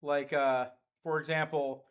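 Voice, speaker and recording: A man's voice: on the high side, little pitch movement, measured pace, clean tone, muffled recording. A man acting as dungeon master, chatting casually on a livestream in a game store and rambling through game lore with lots of fillers.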